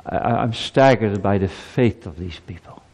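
A man's voice: lowish voice, normal speed, creaky, a little mellow. A man preaching a sermon to a congregation, emphatic, with rhetorical questions and stammered repeats. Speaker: pastor. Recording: long hall reverb.

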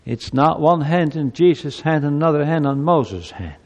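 A man's voice: fairly high pitch, animated, moderate pace, a little mellow. A man preaching a sermon as pastor, building fervor and reading scripture aloud to his congregation. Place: church sanctuary. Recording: long hall reverb.

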